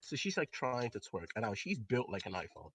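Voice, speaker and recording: A young man telling a story in a casual podcast chat, animated and swearing, with loud outbursts. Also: lowish voice, fairly quick. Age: young adult. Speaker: podcast co-host.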